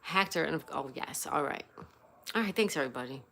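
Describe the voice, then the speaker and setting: A woman hosting a casual baking livestream, softly greeting viewers by name and talking through a recipe. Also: low-pitched, expressive, a little fast, creaky. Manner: soft, chatty, reads viewer names aloud. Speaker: livestream host. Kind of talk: casual live-stream chat while baking.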